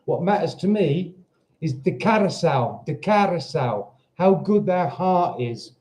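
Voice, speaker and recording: Fairly high-pitched and a little mellow, this British man talks slowly but with animation. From his home in Portugal he runs a casual livestream, rambling over viewer comments and turning aside to address his dog.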